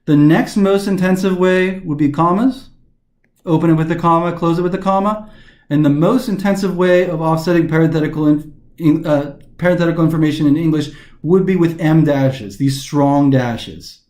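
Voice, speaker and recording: Guy walking through test answers, slightly high voice, echoey room, restarts a lot. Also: moderate pace, darkish tone. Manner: explanatory, frequent restarts and fillers. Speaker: test prep instructor. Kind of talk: recorded online lesson.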